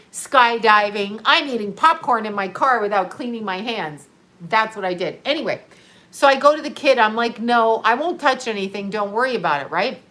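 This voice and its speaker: A middle-aged woman telling a story in a casual livestream, animated and profane, laughing often. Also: a little high. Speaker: live streamer.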